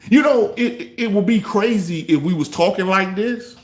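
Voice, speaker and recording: A man hosting a fan reaction show, trash-talking rival fans in a loose, animated way. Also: high voice, moderate pace. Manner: trash-talking, animated, African American Vernacular English grammar. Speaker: sports fan show host.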